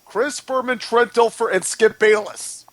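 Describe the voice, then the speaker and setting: A man co-hosting a casual sports radio show, joking in an animated way. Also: very high-pitched, unhurried, dry recording. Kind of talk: casual sports talk banter.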